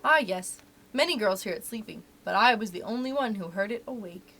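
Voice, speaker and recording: A woman reading aloud, voicing a gentle, wistful grown-up mother in a storybook. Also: mid-range voice, lively intonation, a little fast. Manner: soft, wistful, tender.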